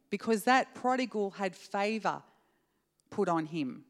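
A woman's voice: mid-range voice, animated, measured pace, long reverb tail. A woman preacher giving an earnest, conversational sermon and prayer to her church, speaking directly to the congregation. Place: church hall.

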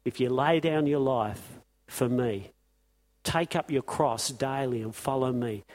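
A man's voice: mid-range voice, a little slow, darkish tone. A man preaching an impassioned sermon to his congregation, firing off rhetorical questions. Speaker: pastor.

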